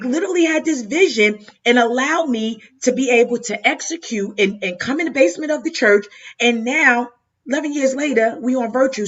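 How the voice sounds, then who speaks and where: A woman host delivers an emotional tribute over a lo-fi, muffled video call. Her tone is bright and pushing forward. She keeps circling back and repeating words in a heartfelt, effusive flow. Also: high-pitched, husky. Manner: heartfelt, effusive, stumbling repetitions. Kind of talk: emotional live-stream tribute speech. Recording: dull lo-fi video call audio.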